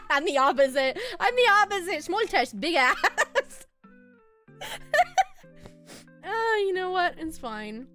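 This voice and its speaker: Her voice fairly high and sharp in tone, a young woman giggles and teases her way through a casual home stream. She keeps up bubbly banter with live viewers and laughs a lot.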